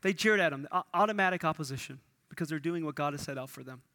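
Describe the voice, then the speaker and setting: A man preaching a sermon in an animated way, acting out the lines he quotes. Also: fairly high pitch, quick pace. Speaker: pastor.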